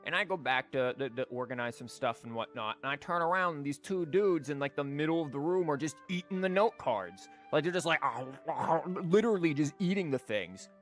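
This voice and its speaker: A man's voice: a little high, animated, brisk, few pauses, faint music behind. A young man streaming a game, rambling and joking with frequent stammers. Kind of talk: casual gameplay commentary.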